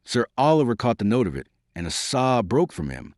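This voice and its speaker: A man narrating an audiobook in a dramatic, measured reading. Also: lowish voice, big pitch swings, a little mellow, no room sound, studio quality.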